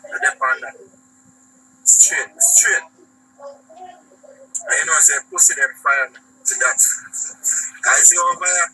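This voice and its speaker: A Jamaican man talks straight at his viewers in a profane, emphatic rant that keeps circling back to the same phrases. His voice is bright and cutting and sits slightly high. He sounds set back from the mic, with a faint hiss of noise under him. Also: far from the mic, rough recording. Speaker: vlogger. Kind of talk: ranting personal monologue.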